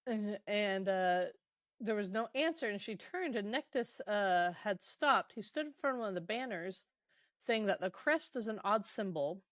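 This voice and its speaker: A woman's voice: mid-range voice, lively intonation, normal speed, no echo, studio quality. A woman co-hosting a podcast, casually retelling a book's scenes with loose quoted lines, frequent ums and laughs. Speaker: podcast co-host. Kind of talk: casual book recap.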